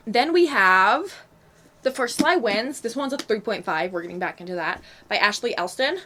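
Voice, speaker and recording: A woman's voice: on the high side, expressive, normal speed, pushed and bright, a little hiss or hum. A young woman casually reviewing books she read, chatty and frank with lots of fillers and asides. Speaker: book vlogger. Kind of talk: casual book review vlog.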